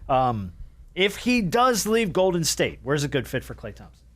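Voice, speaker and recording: A man's voice: fairly high pitch, sing-song, moderate pace, fairly bright tone. A man hosting a casual sports podcast in an easygoing way, moving the talk from topic to topic. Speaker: podcast host.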